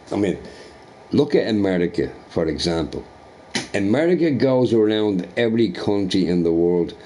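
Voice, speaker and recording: A man chatting casually while streaming a game, rambling and swearing through animated rants and asking "right?" often. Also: lowish voice, a little hiss or hum. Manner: profane, ranting, animated opinions with frequent "right?".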